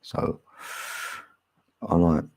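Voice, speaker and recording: A man's voice: very slow, warm tone, dull audio. A man talking in a rambling, chatty livestream monologue, laughing often and thinking aloud. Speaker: livestream host.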